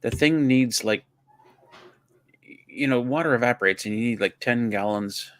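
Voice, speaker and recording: A man's voice: medium pitch, moderate pace, a bit bright, dry recording. A man co-hosting a casual livestream, teasing his partner with dry jokes. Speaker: co-host. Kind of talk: casual banter.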